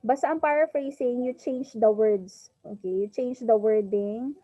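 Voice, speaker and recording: Woman teacher, Filipino accent, fairly high voice, dull dry lo-fi sound. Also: moderate pace, dark tone, no echo. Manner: switches between English and Filipino, says "okay" often. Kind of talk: online class lesson.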